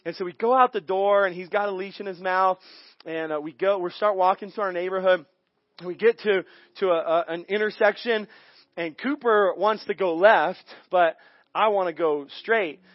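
A guest pastor telling a story in his sermon, animated and chuckling, often restarting his sentences. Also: high voice, normal speed, no room sound, lo-fi sound. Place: church sanctuary.

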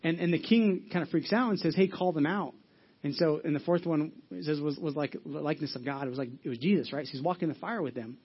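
A man with a slightly high, husky voice preaches a sermon. He talks in an earnest, conversational way and asks the congregation questions. The recording sounds dull and lo-fi. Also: fast. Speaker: pastor.

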